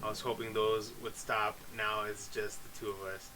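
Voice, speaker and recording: A man's voice: on the low side, monotone, moderate pace, lightly acted, low-quality recording. A man reading aloud the lines of an obsessive, clingy young woman game character, with little change of voice. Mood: pleading.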